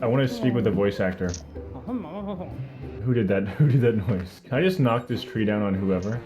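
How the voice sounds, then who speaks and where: A man's voice: on the low side, normal speed, music in the background. A young man from Canada giving jokey, self-mocking live commentary while streaming a video game.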